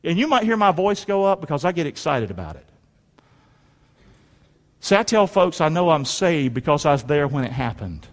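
This time the pastor's slightly high voice is very animated, at normal speed with frequent pauses. Heard with long hall reverb in a church sanctuary, he reads scripture aloud and leads the congregation in call-and-response.

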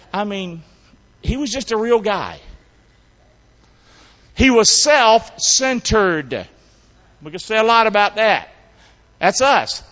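A man preaching a sermon in a church, calling out to the congregation for answers and swinging from hushed tones to shouts. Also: very high voice. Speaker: pastor. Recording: dull sound in a reverberant hall.

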